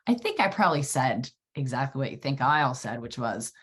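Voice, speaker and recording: A woman hosting a solo podcast, telling a personal story in a lively, wordy way and swearing freely. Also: extremely low pitch, fast, slightly rough. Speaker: podcast host.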